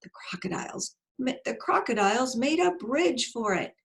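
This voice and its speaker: A woman voicing an excitable, angry male wild boar in a storybook reading, screeching urgently. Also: fairly high pitch, normal speed, pitched above the performer's own voice. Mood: alarmed shouting.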